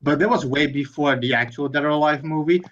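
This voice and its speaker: A man's voice: fairly high pitch, fairly quick. A man co-hosting a casual podcast chat, blunt and swearing freely. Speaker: podcast co-host. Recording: dull lo-fi mic.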